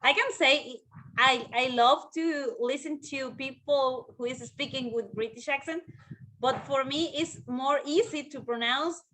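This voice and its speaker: Mexican woman host, fairly high voice. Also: measured pace, low-quality recording. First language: Spanish. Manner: chatty, lively questions, laughs. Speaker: interview host. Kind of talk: casual video-call interview.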